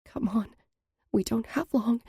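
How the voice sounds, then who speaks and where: A woman voicing a frightened young woman in an audiobook, speaking softly and tremblingly before breaking into panicked cries. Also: on the high side, measured pace, vocal fry, slightly rough, no echo, studio quality, pitched above the performer's own voice, heavily acted. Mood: hushed urgent. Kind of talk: audiobook character voice.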